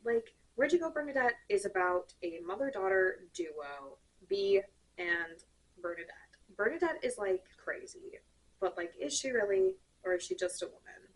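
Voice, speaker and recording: A young woman rants about books with sarcastic, animated energy, rambling and dropping "like" constantly. Her voice sits at an ordinary middle pitch. She's recorded a little off from the mic. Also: normal speed, recorded from a distance, low-quality recording. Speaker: book reviewer. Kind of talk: casual rant.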